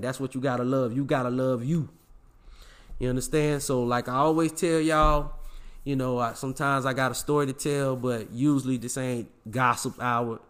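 A man in his forties hosting a podcast, giving emphatic, preachy life advice in casual slang and repeating lines for effect. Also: mid-range voice. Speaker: podcast host. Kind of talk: motivational casual podcast talk.

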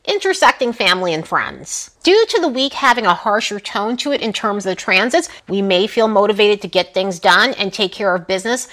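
A woman hosting an astrology channel, narrating a scripted weekly forecast in a steady, explanatory way. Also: a little high.

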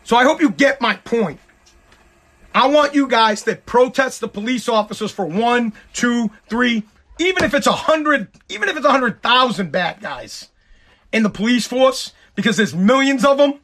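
Podcast host, male, high-pitched voice worn hoarse, heated profane rant. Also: animated, normal speed, fairly bright tone. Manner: heated, profane, repetitive ranting. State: hoarse, voice nearly gone. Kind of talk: ranting podcast monologue.

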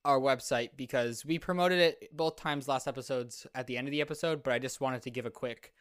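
A man's voice: mid-range voice, a little fast, a bit bright, clean tone, dry recording, clean studio sound. A young man hosting a casual film podcast, joking and self-deprecating, rambling with restarts. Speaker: podcast host. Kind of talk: casual chat.

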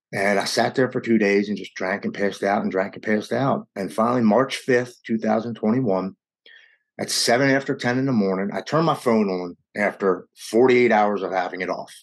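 A man candidly telling a raw personal story in an interview, speeding up and slowing down as the emotion rises. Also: fairly low pitch. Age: adult with young children. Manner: earnest, raw, quickens and slows with emotion. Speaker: guest sharing his recovery story.

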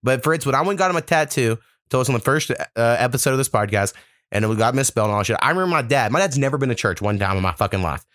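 A man's voice: mid-range voice, lively intonation, very fast, fairly bright tone, no room sound, clean studio sound. A man hosting a podcast, chatting casually and telling loose, profane stories with lots of fillers. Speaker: podcast host.

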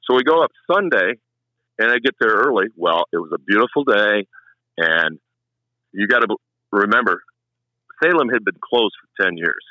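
A man's voice: lowish voice, moderate pace, pauses often, dry recording, dull audio. A middle-aged man, a longtime race track announcer, telling stories in a casual chat and acting out what people said. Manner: animated storyteller, acts out quotes.

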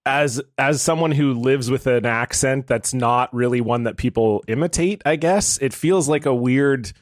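A Canadian man from Ontario co-hosts a podcast, chatting casually and rambling with fillers. His medium-pitched voice moves at a moderate pace, in a dry recording with clean studio sound.

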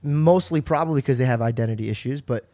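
A male podcast host talking in an effusive, excitable way, swearing casually in a relaxed chat. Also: mid-range voice, quick pace. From grew up in a Middle Eastern culture.

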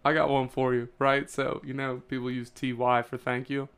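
A man with a smooth, resonant voice co-hosts a casual podcast. He reads out numbered lists, jokes, and teases his co-hosts. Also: medium pitch, level tone, moderate pace, fairly bright tone. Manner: jokey, teasing, laughs at his own puns. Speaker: podcast co-host. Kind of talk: casual chat, reading a list.

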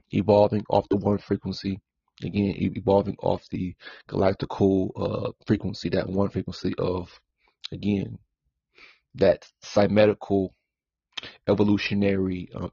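A man's voice: sits low, creaky, darkish tone, husky, no room sound. A man hosting a spiritual podcast monologue, repeating himself and circling back to the same points. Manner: repetitive, circling back with "again". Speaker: podcast host. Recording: dull lo-fi sound.

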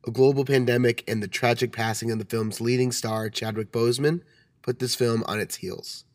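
Slightly raspy man with a tired voice. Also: medium pitch, steady tone, normal speed. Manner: rambling, many ums and restarts. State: recovering from a cold. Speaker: podcast co-host. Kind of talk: casual chat.

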